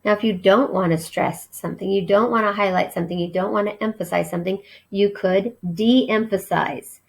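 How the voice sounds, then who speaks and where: A woman's voice: mid-range voice, steady tone, gravelly, low-quality recording. A woman teacher giving a recorded vocabulary lesson, spelling each word letter by letter and explaining its meaning. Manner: slow, spells words letter by letter.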